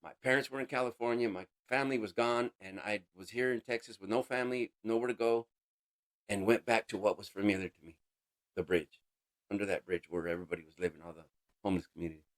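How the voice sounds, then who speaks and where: A man giving an emotional personal testimony as an interview guest, halting and casual, with street slang. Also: fairly low pitch, fairly even intonation. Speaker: interview guest sharing a recovery story.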